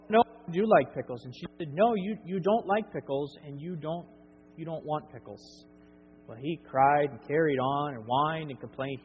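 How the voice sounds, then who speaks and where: A middle-aged male preacher with a somewhat high voice, delivering an earnest sermon that swells to emphatic peaks and falls back to quiet. His voice rings with long reverb through a dull, lo-fi church recording over a faint hum. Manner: earnest, builds to emphatic peaks then drops soft. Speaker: pastor. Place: church sanctuary.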